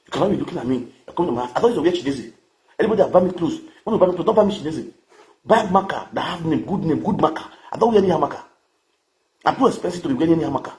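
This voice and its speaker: A man's voice: a little high, animated, rapid-fire, darkish tone. A man with a Nigerian accent ranting to camera in a boastful, crude, mocking way, repeating his phrases. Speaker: vlogger.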